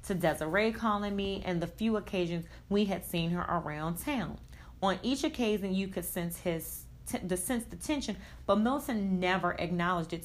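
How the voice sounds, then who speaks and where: A woman reading a first-person story aloud in a blunt, expressive way, with casual swearing. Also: lowish voice. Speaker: reader.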